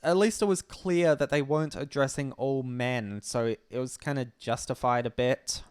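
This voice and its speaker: A livestream host with a mid-range voice and a steady, clean tone talks bluntly and sardonically in a casual stream. He swears freely and keeps restarting sentences, sounding halting; the audio is studio quality with no echo.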